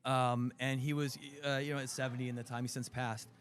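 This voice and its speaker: A middle-aged man, a comic book writer, chatting as a guest in an interview, telling animated stories and acting out quotes. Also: medium pitch, brisk, a little hiss or hum. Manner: animated storyteller, acts out quotes, laughs often. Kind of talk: casual interview chat. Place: convention floor TV set.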